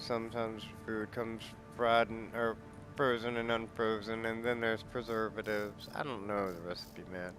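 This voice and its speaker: Teasing young man, low voice, loud music. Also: flat delivery, normal speed. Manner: teasing, laughs often. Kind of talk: casual chat while gaming. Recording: game music behind.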